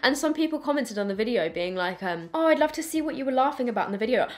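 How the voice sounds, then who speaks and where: Chatty young woman with a lively voice. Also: fairly high pitch, quick pace. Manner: chatty, animated, lots of "like". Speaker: beauty vlogger. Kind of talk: casual storytelling while doing makeup.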